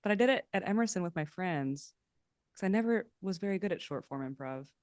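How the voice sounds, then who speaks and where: A young woman improviser chatting as a podcast guest, self-mocking and animated when quoting people. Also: fairly low pitch, brisk, no echo, studio quality. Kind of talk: casual chat.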